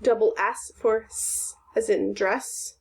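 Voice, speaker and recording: A woman teaching a phonics and punctuation lesson to young children, speaking slowly and clearly, asking questions and praising answers. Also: mid-range voice, steady tone.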